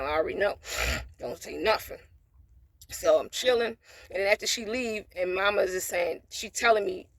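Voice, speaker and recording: A storytime vlogger, a woman with a mid-range, sharp-toned voice, tells a casual story in a fast, expressive monologue. She is blunt and profane, with preachy asides about faith.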